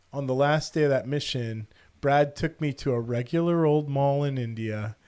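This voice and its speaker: Animated middle-aged male podcast host. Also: mid-range voice, clear, resonant tone. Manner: animated, quotes people in the story. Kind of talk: casual storytelling.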